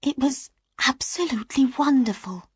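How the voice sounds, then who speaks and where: A woman voicing a young woman, tearful and moved, with a breathy high voice in a storybook reading for English learners. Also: normal speed, no room sound, clean studio sound. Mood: wondering.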